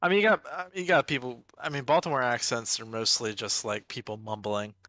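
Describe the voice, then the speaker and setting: Bright, dry-voiced American man chatting. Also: medium pitch, steady tone, brisk, no echo. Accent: Washington, D.C. area American. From Washington, D.C. area, USA. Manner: rambling, laughs easily. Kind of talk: casual chat while sculpting.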